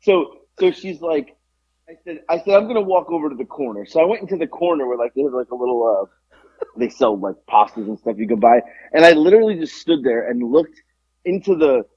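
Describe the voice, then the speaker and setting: A man co-hosting a podcast, telling an animated story in casual chat and acting out both sides of the conversation. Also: on the high side, brisk, slightly rough, dry recording, muffled recording. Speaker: podcast co-host.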